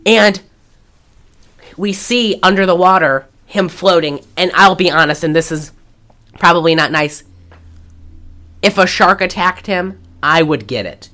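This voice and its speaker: Her lowish voice moves a little slowly, with long pauses. She co-hosts a podcast, casually recapping a movie and getting animated as she acts out the characters' dialogue.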